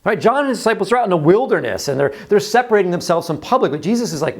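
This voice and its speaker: A man's voice: high voice, sing-song, rapid-fire, hardly any pauses. A man preaching a sermon in a conversational way, often repeating words as he talks. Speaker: pastor.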